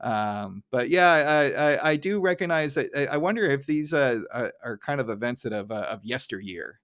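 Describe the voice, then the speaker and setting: A man co-hosting a casual podcast chat, talking in halting runs with many fillers and restarts. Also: medium pitch, animated, a bit bright, no echo, studio quality. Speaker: podcast co-host.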